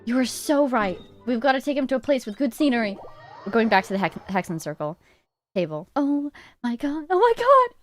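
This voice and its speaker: A woman streaming a game, commenting in an excitable, gushing way with frequent laughter and squeals. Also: sits high, moderate pace, faint music behind. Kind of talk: gameplay livestream commentary.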